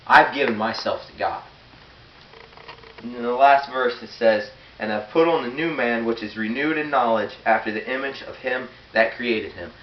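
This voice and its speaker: A man's voice: medium pitch, moderate pace, hardly any pauses. A teenage boy giving an earnest, blunt sermon and reading scripture aloud. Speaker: youth preacher. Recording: roomy, dull, hissy, far from the mic.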